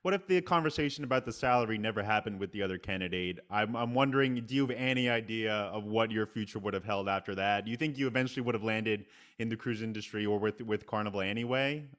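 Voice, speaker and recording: A man interviewing a guest, asking his questions with halting restarts. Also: on the low side, fairly bright tone.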